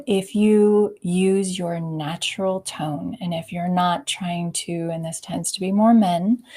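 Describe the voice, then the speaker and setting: A woman leadership coach speaking as an interview guest. She talks expressively and often drops to a soft, near-whispered tone. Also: on the low side. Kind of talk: conversational interview. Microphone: video call.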